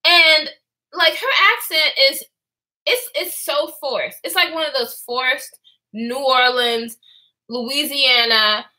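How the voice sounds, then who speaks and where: Lively, bright-voiced young woman vlogger. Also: sits high, takes it slowly. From Houston, Texas. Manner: animated, expressive storytelling with mimicry. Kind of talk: storytime gossip vlog.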